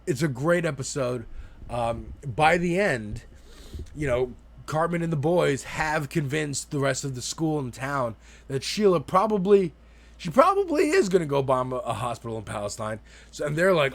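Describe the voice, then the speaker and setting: A man's voice: on the high side, expressive, moderate pace, vocal fry. A man giving a loose, profane spoken review of a TV episode, laughing often. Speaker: TV show reviewer.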